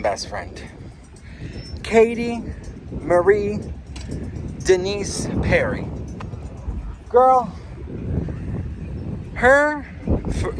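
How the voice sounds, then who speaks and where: Background noise runs under this sassy, animated man as he hosts a celebrity gossip talk, addressing listeners as "girl" and "best friend." He reads an article aloud, dropping in his own asides, in a fairly high voice.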